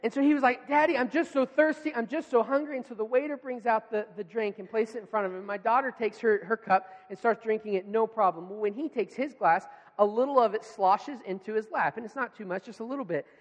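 A man's voice: high-pitched, fast, few pauses, big-room sound. A man in his thirties, a pastor telling a family story in a sermon, acting out his children's voices.

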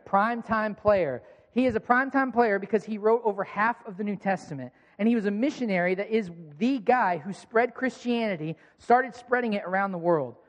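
A young male pastor delivers a sermon in a loose, conversational storytelling way, often tripping over and repeating his words. His voice sits notably high for a man. The sound carries the long reverb of a large church hall. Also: a little fast, few pauses.

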